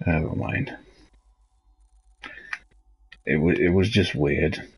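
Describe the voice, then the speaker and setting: A man's voice: a bass voice, fairly even intonation, normal speed, vocal fry, husky, rough recording. A man, casually commenting while playing a video game live, rambling and swearing and often trailing off mid-thought.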